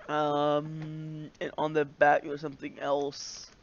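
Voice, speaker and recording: A man's voice: fairly high pitch, completely flat delivery, takes it slowly, gravelly. A young man casually reading a note aloud, giggling and breaking into laughter often. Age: young adult. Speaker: vlogger. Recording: dull lo-fi dry recording.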